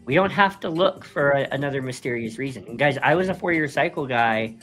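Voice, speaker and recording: A man's voice: medium pitch, expressive, a little fast, fairly bright tone. Guy cohosting a live stream, rambly, trips over his words, bit of music behind. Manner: rambling, many restarts, laughs often. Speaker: co-host. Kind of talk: casual live-stream chat.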